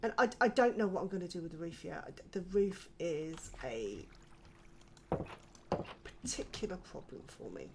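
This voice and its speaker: An older British woman giving casual commentary while she plays a game. She talks to herself, gently scolds herself, and sometimes drops to a whispered mutter. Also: fairly low pitch, very animated, moderate pace, creaky, background noise. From United Kingdom. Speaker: gaming channel host.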